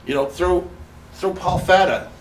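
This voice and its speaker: A man's voice: high-pitched, measured pace. A man who survived the events, giving an impassioned, rambling personal testimony at a memorial gathering. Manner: impassioned, rambling storytelling with restarts. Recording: echoey room, speaker far from mic, faint noise.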